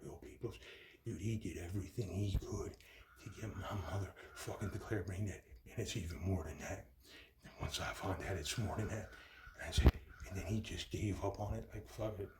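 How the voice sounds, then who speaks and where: A man's voice: deep voice, brisk, noisy background. A man telling a personal account into his phone, agitated and rambling, with frequent restarts, repeats and swearing. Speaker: grieving son recounting events.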